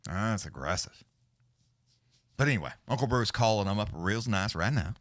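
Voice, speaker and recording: Man, middle-aged, livestream fight host: low voice, dry close sound, loose and profane, jumps into quick play-by-play. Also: animated, a bit bright, no echo. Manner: rambling, profane, laid-back, with many restarts; fast play-by-play calling during fights. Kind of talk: casual live-stream commentary.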